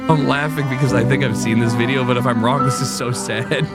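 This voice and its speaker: A man's voice: mid-range voice, fairly even intonation, a little fast, over loud music. A man streaming casual reaction commentary, rambling and swearing with a wry, offhand manner.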